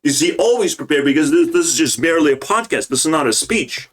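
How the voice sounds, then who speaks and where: A man's voice: a little high, animated, fast talker, a bit bright. A young man ranting in agitated, profane reaction commentary on politics.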